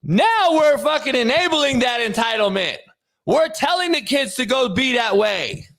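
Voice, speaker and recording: Man, talk show host, profane heated rant, high voice, gravelly edge, wide swings in pitch. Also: unhurried. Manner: animated, profane ranting with sudden loud outbursts. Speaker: show host, former coach.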